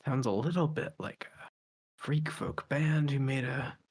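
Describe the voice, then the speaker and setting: A man's voice: medium pitch, fairly even intonation, a little slow, slightly rough. A man co-hosting a casual podcast, rambling loosely and laughing. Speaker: podcast co-host. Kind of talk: casual chat.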